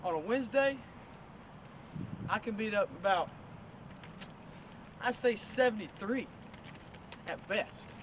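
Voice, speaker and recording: Man, high voice, folksy deadpan comic host, loud noise behind. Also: slow, pauses often. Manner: rambling, folksy, mock-boastful. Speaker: comedy show host. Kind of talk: deadpan comedic monologue. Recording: loud outdoor background noise.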